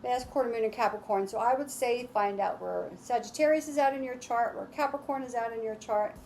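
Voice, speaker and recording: A woman's voice: fairly high pitch, fairly quick, creaky, darkish tone, slight background noise. A woman giving a casual, enthusiastic tarot and astrology reading, repeating her affirmations. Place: home with lawnmowers outside.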